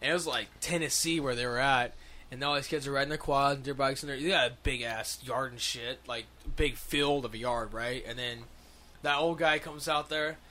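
A man chatting casually in a rambling, profane, animated way. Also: mid-range voice, normal speed. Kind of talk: casual podcast chat.

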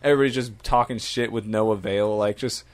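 A man's voice: lowish voice, fairly even intonation, fast talker, a little hiss or hum. A young man chatting casually with friends, laid-back and profane, often laughing. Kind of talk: casual chat among friends.

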